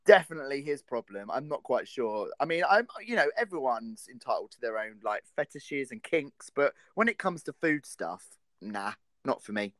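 Camp british guy chatting away, bright tone, bouncy pitch, dry close sound. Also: sing-song, normal speed, few pauses, no echo. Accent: British English. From Britain. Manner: camp, playful, laughs a lot, drops into put-on voices. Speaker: co-host. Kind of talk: casual chat.

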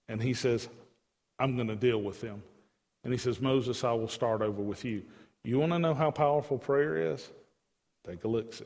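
A man's voice: mid-range voice, darkish tone, big-room sound. A man teaching a Bible study, reading scripture aloud and explaining it in an emphatic, conversational way.

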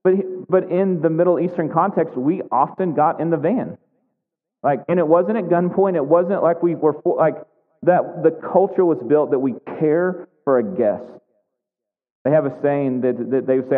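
A man's voice: fairly high pitch, moderate pace. Man preaching over tinny hall sound. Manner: conversational preaching, frequent "right?" asides. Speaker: pastor. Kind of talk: sermon. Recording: tinny phone-like sound with long hall reverb.

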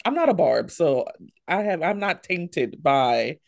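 A woman co-hosting a podcast in casual, joking chat, with loud laughs and speech. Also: on the low side, very animated, unhurried, creaky, no room sound, studio quality. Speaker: podcast co-host.

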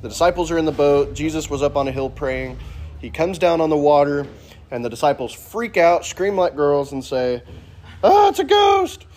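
A man's voice: on the high side, normal speed, a little mellow. A man teaching a casual Sunday Bible class in a church classroom, joking and asking the class questions.

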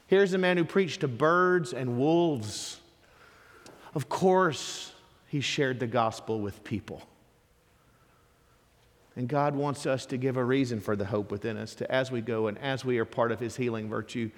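A man preaching a sermon as pastor, emphatic and animated, with lively storytelling asides. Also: medium pitch, normal speed, big-room sound.

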